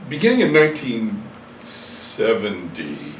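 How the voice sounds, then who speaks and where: Speaking slowly with a lowish voice whose pitch swoops wildly, an older man recounts his past in a reflective hotel-room interview, hesitant and rambling with lots of fillers and self-corrections. The audio is echoey, from a distant mic, with faint hiss.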